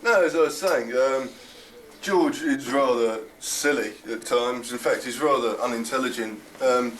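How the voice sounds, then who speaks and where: A man's voice: mid-range voice, unhurried, a bit bright, slight background noise. A teenage boy playing a mock-formal chat show host in an improvised spoof, often breaking into laughter. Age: teens. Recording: home video from far off.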